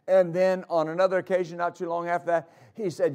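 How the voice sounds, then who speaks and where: A male pastor preaching a sermon, emphatic, repeating phrases for stress and swinging between loud declarations and quiet asides. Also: fairly high pitch, fairly even intonation, brisk, few pauses.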